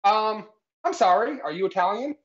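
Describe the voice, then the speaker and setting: A man's voice: high voice, expressive, moderate pace, fairly bright tone. A man co-hosting a jokey live cooking stream, explaining absurd facts in a mock-authoritative tone and tagging lines with "all right?". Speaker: cooking show co-host. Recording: slightly dull lo-fi stream audio.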